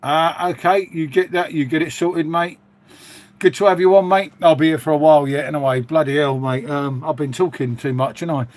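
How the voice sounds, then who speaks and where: A man's voice: fairly high pitch, fairly even intonation, fairly quick. A middle-aged Englishman, chatting casually and rambling to viewers on a live stream. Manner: chatty, rambling, matey, reading out viewer comments. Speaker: livestream host.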